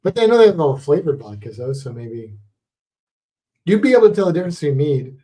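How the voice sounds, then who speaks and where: A man co-hosts a relaxed livestream, talking in a loose, rambling way and often correcting himself mid-sentence. His voice has a soft, mellow warmth. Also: on the high side, fairly quick. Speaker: livestream co-host. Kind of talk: casual chat.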